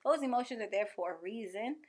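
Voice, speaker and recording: A woman's voice: on the high side, fast. A young woman, a guest telling candid, playful stories in casual chat. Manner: lively, candid, playful storytelling.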